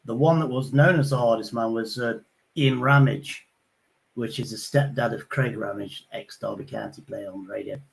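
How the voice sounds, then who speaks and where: A man's voice: medium pitch, normal speed, vocal fry. Blunt sweary man telling pub tales. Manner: blunt, sweary, acts out quoted voices. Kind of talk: casual storytelling chat.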